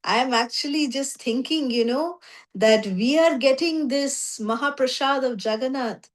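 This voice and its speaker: Woman as a kindly male saint, warm and explaining, her own high voice. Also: a little slow. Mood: blissful.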